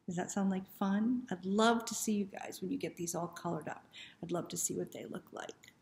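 A woman hosting a children's story time, talking gently and encouragingly to young children, sometimes dropping to a soft whisper. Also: on the low side, moderate pace, reverberant, a little hiss or hum.

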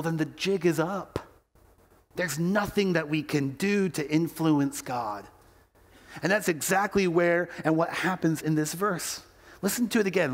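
In a large hall, a male pastor with a voice on the high side delivers a sermon. He tells a story and acts out the quoted voices as he goes.

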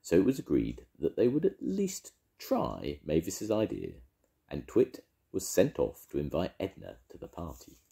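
An older man reading a children's story aloud with gentle, expressive storytelling. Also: sits low, normal speed, vocal fry.

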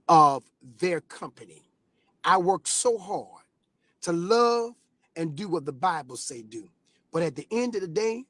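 A man preaching with rising fervor, his voice pitched high with a husky edge. He builds from steady talk into shouted exclamations. The sound is dry and close, with no room around it. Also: no echo. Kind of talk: sermon. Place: sitting in his car.

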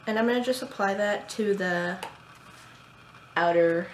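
A young woman talks casually through a makeup tutorial, with a slight lisp from the braces she has just had fitted. Her voice sits at an ordinary middle pitch. It was recorded in an echoey room with a faint hum behind it. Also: a little slow. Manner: chatty, casual, with frequent fillers. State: talking with new braces. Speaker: beauty vlogger.

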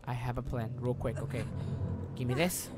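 A man's voice: medium pitch, level tone, normal speed, heavy background noise. A man streaming a horror game, talking to himself nonstop, repeating words and swearing as he plays. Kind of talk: live gameplay commentary.

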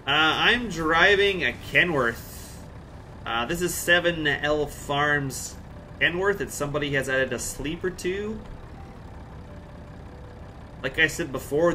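A game livestreamer from Central Alberta, Canada, chats casually on a live stream, answering chat with jokey asides. His voice is a little high with a sharp tone.

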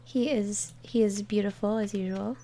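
A woman hosting a soft-spoken ASMR gaming chat, gentle and apologetic, often slipping into whispers. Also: mid-range voice, fairly even intonation, normal speed, a little hiss or hum. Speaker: ASMR host.

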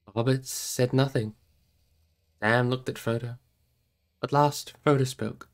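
A man reading a novel aloud on a live stream, narrating in a steady storytelling manner. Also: mid-range voice, measured pace. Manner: steady narrating, brief asides to chat.

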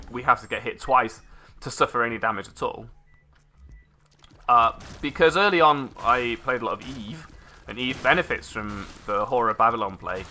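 Bright-voiced man narrating gameplay. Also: fairly low pitch. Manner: rambling, self-correcting, dry asides. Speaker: gameplay commentator. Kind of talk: let's play commentary.

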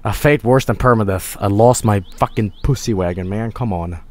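A man streaming a game, joking loudly, swearing often and hamming up being drunk. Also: normal speed, slight background noise. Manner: plays at being drunk, loud swings of pitch. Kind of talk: let's-play commentary.

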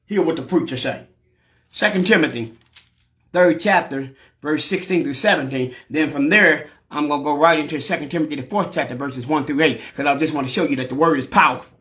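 Fiery preacher man, bright high voice. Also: brisk. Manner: preaching with shouted bursts and call-outs. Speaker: pastor. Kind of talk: fiery live sermon. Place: church sanctuary.

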